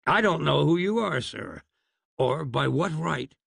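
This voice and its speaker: A man voicing an irritable elderly gentleman who grumbles and demands indignantly. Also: fairly high pitch, lively intonation, measured pace, vocal fry, husky, no echo, studio quality, exaggerated voice.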